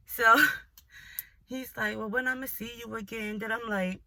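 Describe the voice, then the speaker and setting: A young woman vlogger telling a dating story in a casual, animated and profane way, often breaking into laughter. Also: fairly high pitch, measured pace, gravelly, no echo. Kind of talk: storytime vlog.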